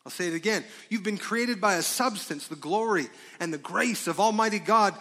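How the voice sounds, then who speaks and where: A man preaching a sermon as a pastor, asking the congregation questions and breaking into loud, excited bursts. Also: high voice, normal speed. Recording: long reverb of a large hall.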